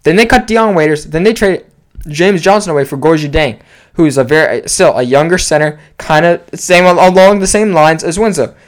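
A man's voice: on the high side, normal speed. A young man hosting a solo sports podcast, talking casually and rambling into asides as he breaks down trades. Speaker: podcast host.

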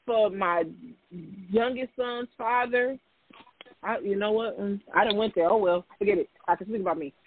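A woman's voice: medium pitch, normal speed, slight background noise. A woman co-hosting a casual talk show, speaking frankly and emphatically, repeating herself for stress. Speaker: podcast co-host. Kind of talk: candid casual chat. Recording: tinny phone-like dry sound.

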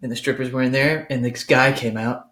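A man's voice: mid-range voice, steady tone, fairly quick, fairly bright tone, reverberant. A man in casual chat, joking around and telling tall tales with a straight face.

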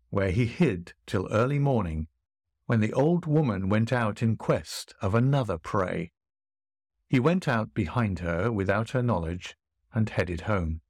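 A male narrator reads an old tale in a measured, dramatic style. His voice sits low but moves with a lively rise and fall, and the recording is dry and close. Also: no room sound. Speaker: podcast narrator. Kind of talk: storybook reading.

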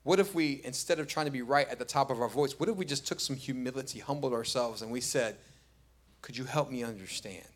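A man's voice: medium pitch, fast talker, hardly any pauses. A middle-aged man preaching a sermon as pastor, telling stories conversationally and building to emphatic repeated points. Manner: conversational storytelling, rising to emphatic repetition.

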